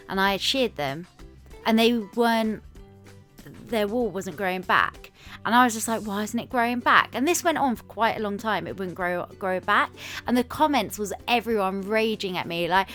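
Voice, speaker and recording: A woman's voice: medium pitch, expressive, normal speed, fairly bright tone, soft background music. A woman chatting casually as a YouTuber co-host, laughing often and acting out little quotes. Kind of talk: casual chat.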